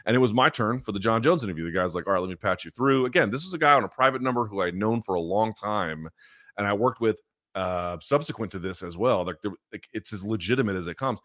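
A man with a fairly low voice hosts a podcast and tells a story at length. He talks casually and emphatically, swears freely, and the sound is close and dry. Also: expressive, fast, a bit bright, no room sound. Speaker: podcast host.

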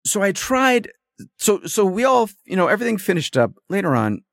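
A man's voice: high voice, big pitch swings, normal speed, gravelly, a bit bright, no room sound, studio quality. A man hosting a podcast, telling a story in a rambling, exasperated casual monologue. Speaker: podcast host.

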